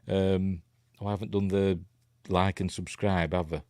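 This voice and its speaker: A man's voice: low-pitched, level tone, moderate pace, mellow, no echo, clean studio sound. A tired man with a Yorkshire accent hosts a casual live news stream, rambling, breaking off mid-sentence and laughing often.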